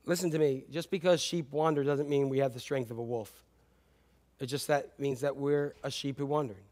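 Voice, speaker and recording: A man preaching a sermon as a pastor, animated, swinging between loud and hushed delivery. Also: mid-range voice, normal speed.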